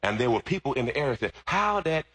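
A man preaching a sermon as pastor, shifting from easy storytelling into loud, shouted preaching. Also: mid-range voice, rapid-fire, breathy edge.

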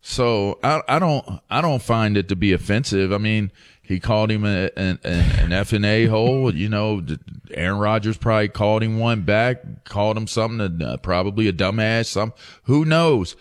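A man co-hosting a sports talk show, relaxed and joking with casual restarts. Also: on the low side, moderate pace. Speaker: sports podcast co-host. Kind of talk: casual chat.

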